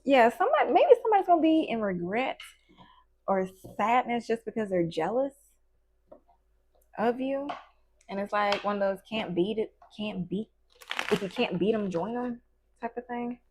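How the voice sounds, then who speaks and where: A woman's voice: a little high, animated, moderate pace, pauses often, darkish tone. A woman giving a casual tarot reading in a chatty, playful way, full of slang and asides. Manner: acts out little quoted voices in between. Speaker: tarot card reader.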